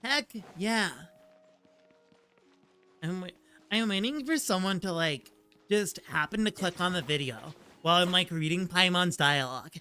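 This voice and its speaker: A male streamer talking loosely over his gameplay, wandering from thought to thought with constant "like" fillers. His tone is bright and crisp. Soft game music sits in the background. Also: high voice, normal speed. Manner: rambling, full of "like" fillers, laughs easily. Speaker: streamer and voice actor. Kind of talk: casual gaming stream chat. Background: faint game music.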